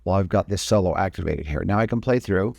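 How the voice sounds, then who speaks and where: A man's voice: low voice, expressive, fast talker, creaky, darkish tone, no room sound, clean studio sound. A man teaching video editing in a casual, step-by-step screen-recorded tutorial, often correcting himself mid-sentence. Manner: casual step-by-step explaining, frequent self-corrections.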